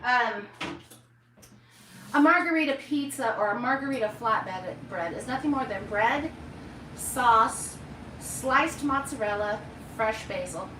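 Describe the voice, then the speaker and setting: A chatty woman with a bright, sharp voice hosts a live cooking demo from her kitchen. She is pitched a little high and talks folksily to her viewers. The sound is roomy and she stands off from the camera mic. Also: expressive, takes it slowly, long pauses, recorded from a distance, slight background noise. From United States. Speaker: cooking show host. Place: home kitchen.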